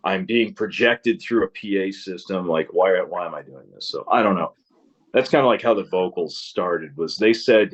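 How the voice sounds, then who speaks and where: Brief: man, 30s, very low voice, loose rambling storyteller who cusses, slightly muffled lo-fi sound. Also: lively intonation, normal speed. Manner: rambling storyteller, swears freely, laughs often. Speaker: interview guest, musician. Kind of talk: casual interview chat.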